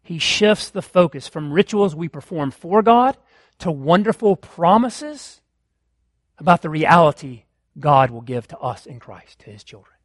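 A man preaching a sermon as pastor of his church, impassioned and rising to loud exclamations. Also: a little high, expressive, measured pace, no echo, clean studio sound.

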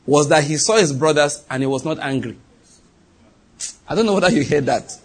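Husky, animated preacher man. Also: on the high side, moderate pace, long pauses. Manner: animated, acts out voices in quoted dialogue, shifts from loud to hushed. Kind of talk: sermon.

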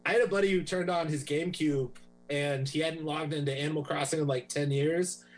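A man's voice: a little high, steady tone, brisk, low-quality recording. A man hosting a comedy podcast in casual chat, swinging between joking and earnest. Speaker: podcast host.

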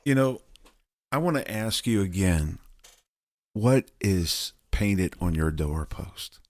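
Co-host, male, very low voice, dry close sound, earnest preacher making an appeal. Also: animated, slow, a little mellow, no room sound. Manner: earnest, pleading appeal to listeners. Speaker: podcast co-host. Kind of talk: preaching call to faith.

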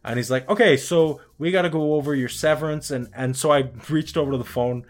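Animated swearing young man telling a story. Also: fairly high pitch, a little fast. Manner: animated, swearing, acts out quotes. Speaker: podcast co-host. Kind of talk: casual storytelling chat.

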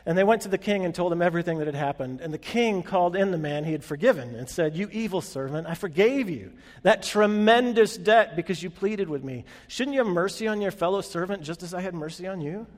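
A man preaches a sermon as pastor in a big hall, his slightly raised voice trailing into a long reverb. He talks conversationally and tosses questions at the room. He swells and drops his loudness to land his points. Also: high-pitched, lively intonation, fairly quick. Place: large hall with an audience.

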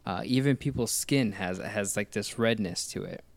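A man's voice: fairly low pitch, normal speed, creaky, dry recording. A man casually discussing movies on a podcast, rambling and full of questions and restarts.

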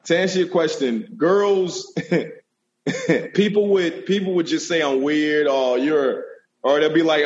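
A man hosting a casual chat, talking in animated slang and often saying bro. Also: on the high side, measured pace, muffled recording.

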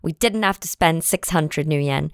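A fearsome female street fighter turns sweet and coaxing, her voice lifting high and soft, as a woman puts her on. The sound is dry and close. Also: moderate pace, gravelly, smooth, dry recording. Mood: cheerful. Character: scary but kind female street fighter.

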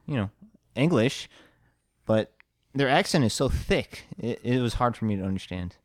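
A man's voice: mid-range voice, lively intonation, normal speed, no room sound, clean studio sound. A man telling rambling stories in casual podcast chat, laughing at his own jokes.

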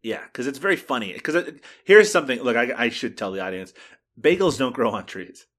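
Brief: man, podcast co-host, wry and animated, voice rises and falls a lot. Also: medium pitch, a little fast. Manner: wry, animated retelling with frequent laughs. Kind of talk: casual movie-review banter.

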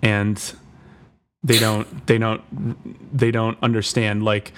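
Rambling low-voiced man telling a story. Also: takes it slowly. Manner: rambling, full of fillers and restarts, deadpan storytelling. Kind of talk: comedic improvised story retelling.

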